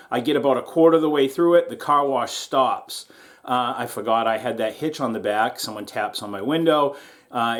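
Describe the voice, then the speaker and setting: A man's voice: medium pitch, fairly bright tone. A middle-aged man hosting a welding vlog, talking casually and laughing often as he calls his viewers guys. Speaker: YouTube welding channel host. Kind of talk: casual how-to vlog and storytelling. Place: partly outdoors in strong wind.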